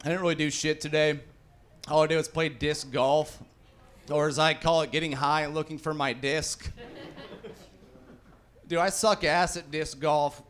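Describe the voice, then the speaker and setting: A man in his thirties does relaxed stand-up at a comedy club with a live audience, his fairly high, slightly bright voice showing little pitch movement. He speaks at normal speed with long pauses, swearing openly and performing the voices of the people he describes.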